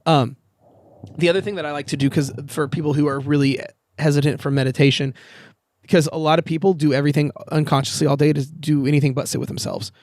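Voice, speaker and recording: A man chatting as a podcast guest outdoors, telling lively stories, acting out quoted lines and swearing casually. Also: fairly high pitch, fast, no echo. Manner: animated storyteller, acts out quoted voices, swears casually. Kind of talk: casual chat. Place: outdoor backyard.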